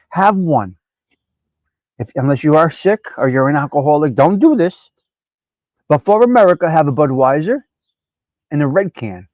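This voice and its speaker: A man's voice: mid-range voice, dry recording. A middle-aged man hosting a live stream, chatting casually and preaching to viewers as he reads their comments. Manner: animated, preachy, talks straight to viewers.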